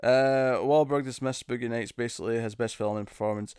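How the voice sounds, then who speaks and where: A British man chatting live with his viewers in a loose, joking way, often breaking into laughter. His voice sits at an ordinary middle pitch. It sounds close and dry, with no room around it. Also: fairly even intonation, brisk, darkish tone, clear, resonant tone, dry recording. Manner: laughing, jokey, attempts bad celebrity impressions. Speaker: streamer host. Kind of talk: casual live-stream chat.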